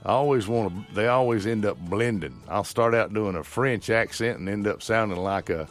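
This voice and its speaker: With a lowish voice at a moderate pace, the local radio host meanders through easygoing talk, packed with fillers and restarts in a homespun manner. Soft music plays behind him, and he's on a studio microphone.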